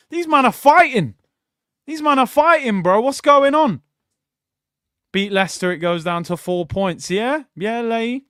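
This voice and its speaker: A high-voiced man hosting a live football watchalong, talking straight to his viewers and breaking into loud shouts. His voice is smooth and clear, recorded close and dry with no room sound. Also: a little slow, dry recording. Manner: excitable, bursts into loud shouts; chatty, addresses viewers as "people". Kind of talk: live watchalong reaction commentary.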